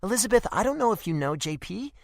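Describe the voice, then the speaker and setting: Man voicing a friendly neighbor mom, raised pitch, audiobook. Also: big pitch swings, fast, creaky, dry recording, studio quality, exaggerated voice. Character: friendly mother in her late thirties.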